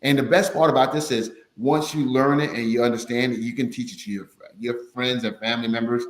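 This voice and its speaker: A man's voice: medium pitch, brisk. Rambling man in a roomy echo. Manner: rambling, repeats words, animated retelling. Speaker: podcast guest, finance course teacher. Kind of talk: casual storytelling chat.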